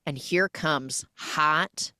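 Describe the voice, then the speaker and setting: Woman podcast host doing a jokey movie recap, says like a lot, lowish voice, dead dry sound. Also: very slow, clear, resonant tone, no room sound. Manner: animated, jokey, lots of 'like'. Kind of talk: animated film recap.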